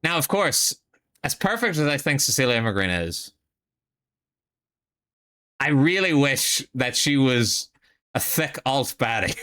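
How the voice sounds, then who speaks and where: Tipsy, excitable young streamer guy. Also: mid-range voice, slow pace, long pauses. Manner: rambling, excitable, with restarts and laughs. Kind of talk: casual live-stream chat.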